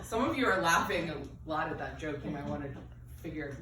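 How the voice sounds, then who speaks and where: On a comedy stage before a laughing audience, a woman in her 30s speaks a little fast in a low voice with lively intonation. Her set is chatty and self-mocking, loaded with fillers and side remarks, captured by a distant, roomy live mic with crowd laughter.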